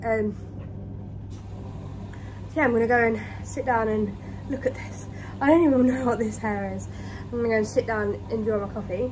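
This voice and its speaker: A woman's voice: on the high side, steady tone, moderate pace. A young British woman chatting casually in a home vlog, out of breath and talking to her pets. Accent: British English. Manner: chatty, talks to pets in baby voice. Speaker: vlogger. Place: home kitchen. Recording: noisy home recording. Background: washing machine and tumble dryer running.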